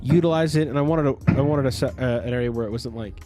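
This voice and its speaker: A man's voice: medium pitch, quick pace, warm tone. Young male co-host, loose rambling chat, swears freely, music faintly behind. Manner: rambling, swears a lot, many restarts. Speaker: podcast co-host. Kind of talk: casual chat.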